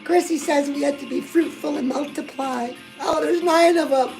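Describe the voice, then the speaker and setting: A woman's voice: high voice, normal speed, vocal fry, poor audio. A woman playing a chirpy, pushy lifestyle guru who chats gushingly to the viewer in a comic character monologue. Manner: gushing, chatty, keeps addressing the viewer as girl. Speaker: host. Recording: music playing loudly under the voice. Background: music.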